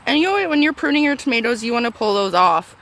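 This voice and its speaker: Chatty woman touring her vegetable garden. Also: quick pace. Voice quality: squeaky at times. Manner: chatty, excitable, talks to her plants. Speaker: gardening vlogger. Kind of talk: casual garden tour. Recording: faint outdoor background noise.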